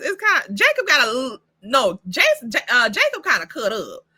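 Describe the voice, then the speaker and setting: A woman's voice: a little high, normal speed, few pauses, slightly rough. A woman hosting her own show recap channel, talking casually and profanely, calling out characters as she goes. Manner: profane, animated, talks back to the characters. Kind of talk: casual reaction review.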